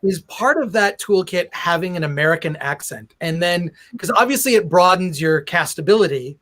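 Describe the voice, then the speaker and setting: A man's voice: high voice, animated, normal speed, fairly bright tone. A man hosting the interview, asking rambling, joking questions. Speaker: host. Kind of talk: casual interview.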